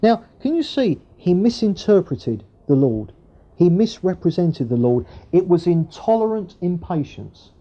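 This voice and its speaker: A man preaches in a relaxed, conversational way, often checking in with his listeners through tag questions. His voice is warm and mellow and swings widely in pitch. The recording sounds dull and lo-fi. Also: a little slow. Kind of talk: sermon with Bible reading.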